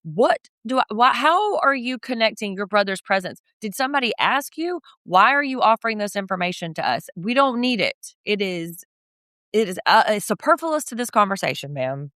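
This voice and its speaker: A woman co-hosting a casual pop culture recap podcast, snarky and animated. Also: mid-range voice, normal speed, no echo, clean studio sound. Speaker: podcast co-host.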